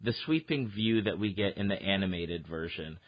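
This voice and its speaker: Man, podcast host, lowish voice, casual movie talk, easygoing with "uh" pauses, muffled audio. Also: expressive. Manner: conversational, agreeable, with "uh" pauses. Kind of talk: casual movie review chat.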